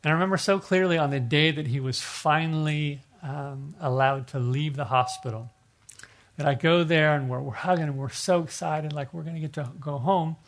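A man's voice: a little high, moderate pace. A middle-aged male pastor preaching a sermon in an earnest, conversational way, often restarting his phrases.

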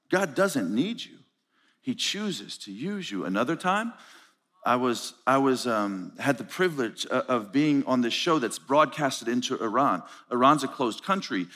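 A pastor speaks at normal speed with a medium-pitched voice, delivering a conference sermon full of animated stories where he performs the dialogue. The recording captures a live hall with long reverb.

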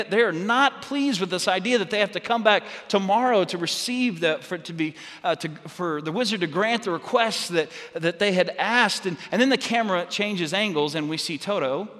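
A man preaching a sermon as pastor, telling stories in a halting way with many restarts and fillers. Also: high voice, fairly bright tone, big-room sound.

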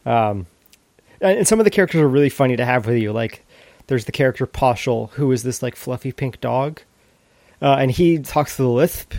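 A man co-hosting a casual podcast chat, enthusiastic but halting, restarting his sentences often. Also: medium pitch, animated, a little mellow, no echo. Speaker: podcast co-host.

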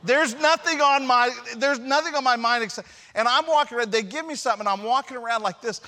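A middle-aged man preaching a sermon, telling a personal story with animated, self-deprecating humor. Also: very high-pitched, fast. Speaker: pastor.

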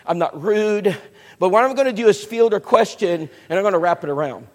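A man's voice: high voice, expressive, brisk, long reverb tail. A man preaching, telling a story in a folksy, conversational way to his congregation in a church. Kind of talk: sermon storytelling.

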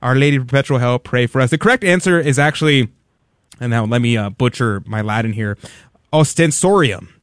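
A man's voice: mid-range voice, quick pace, fairly bright tone. Playful male radio quiz host. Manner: playful, joking, upbeat encouragement. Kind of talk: game-show style quiz hosting on radio.

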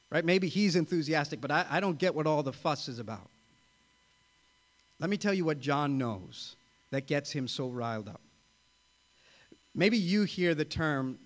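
A male pastor preaching a sermon, earnest and emphatic, repeating key phrases and building to excited exclamations. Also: medium pitch.

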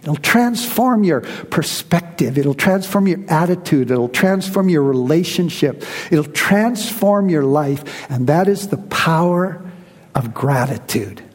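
A pastor preaching a sermon to his congregation, earnest and emphatic, slowing down to stress key words. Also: a little high, expressive, slightly rough. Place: church. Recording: reverberant hall.

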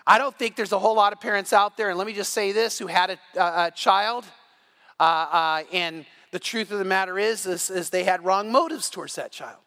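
Bright high-voiced male pastor preaching. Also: a little fast. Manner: storytelling, building to shouts at the climax. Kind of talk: sermon.

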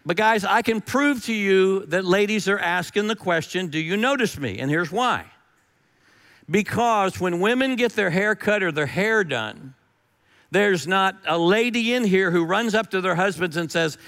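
Brief: middle-aged man, pastor, folksy and emphatic, voice sits a bit high. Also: moderate pace, a bit bright, in a large hall. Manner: folksy, emphatic, repeats key phrases. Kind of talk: sermon.

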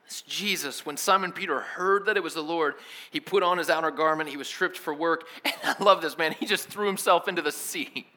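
A male pastor delivers a sermon, retelling the story with casual slang and lively energy. His voice sits a little high, with a bright, forceful edge. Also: a little fast.

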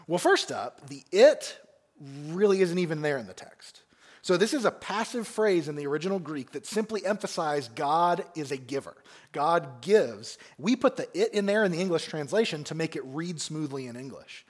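A man's voice: fairly high pitch, moderate pace. A male pastor preaching an expository sermon in a church, asking his listeners many questions. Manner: animated, asks the congregation many questions. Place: church sanctuary.

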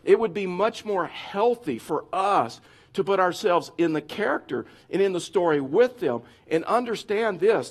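A middle-aged man preaching as a pastor, lively and conversational, now and then acting out whiny complaining voices. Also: high-pitched. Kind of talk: sermon.

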